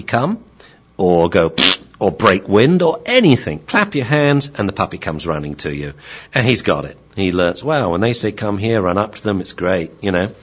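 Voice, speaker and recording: A man's voice: lowish voice, slightly rough, highs cut off. A man who trains dogs, hosting a radio talk show and explaining with acted-out examples.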